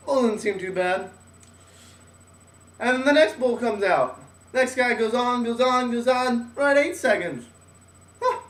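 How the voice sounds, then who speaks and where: A young man telling a personal story in a casual way, acting out what others said in their voices. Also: very high voice. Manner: animated, acts out voices of others. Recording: echoey room, mic at a distance.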